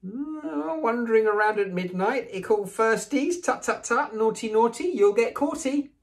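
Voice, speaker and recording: A gleeful, cackling poltergeist from a storybook taunts in a sharply high, singsong voice. The voice swoops wildly and never stays still. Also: male voice, expressive, unhurried, heavily acted. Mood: taunting.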